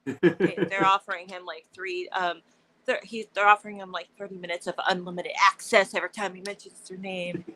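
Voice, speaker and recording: A woman's voice: on the low side, little pitch movement, fairly quick, pushed and bright, slight background noise, low-quality recording. A woman co-hosting a podcast, teasing and chatty, full of fillers like "like". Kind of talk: casual chat.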